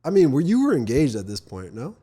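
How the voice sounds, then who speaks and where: A man's voice: mid-range voice, wildly swooping pitch, a little fast, mellow, breathy edge. A young man from northern New Jersey hosting a casual podcast, rambling with lots of fillers. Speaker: podcast host. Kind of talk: casual chat.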